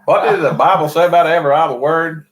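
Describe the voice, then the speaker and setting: A man's voice: fairly high pitch, fast talker, slight background noise. A man with a Southern accent co-hosting a live stream, reading out chat comments in a folksy, easygoing way. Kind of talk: casual chat.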